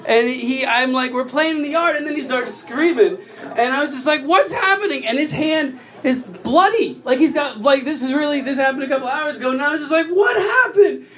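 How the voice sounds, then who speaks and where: A man's voice: a little fast, fairly bright tone. A man in his thirties doing a stand-up comedy set, telling stories through laughter and squealing out the quoted lines. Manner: laughing storyteller, acts out quotes with sudden high squeals. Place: comedy club stage with live audience. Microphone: handheld microphone. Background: crowd laughing.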